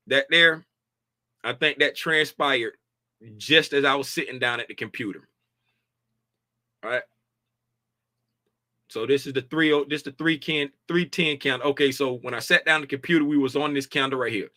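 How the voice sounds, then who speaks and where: A tired man talks through a chart walkthrough in a loose, colloquial way, tagging "right?" onto his points. His voice sits a bit high and sounds bright and forceful. The recording is dry, with no room sound. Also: moderate pace, pauses often, no echo. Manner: conversational, repeats "right?" often, colloquial speech. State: tired, dragging. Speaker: futures trading educator. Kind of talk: casual screen-share chart walkthrough.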